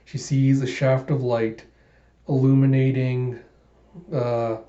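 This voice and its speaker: A man's voice: mid-range voice, level tone, slow, dark tone. A man narrating a comic readthrough, retelling it casually with enthusiasm and emotion. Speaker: manga reader and vlogger. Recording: roomy, dull home recording.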